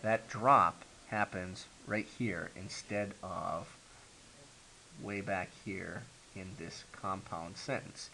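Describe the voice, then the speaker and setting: Guy teaching sentence structure, kinda low voice, says okay a lot, little hiss on the recording. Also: steady tone, gravelly, sharp tone, poor audio. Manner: explaining slowly with many ums and okays. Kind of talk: grammar lesson. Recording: faint hiss.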